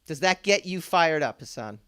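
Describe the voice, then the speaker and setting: A podcast host runs a casual pop culture show, rambling with lots of fillers and restarts and laughing often. His voice is fairly high, animated, and a bit bright, with a clear, resonant tone at a moderate pace.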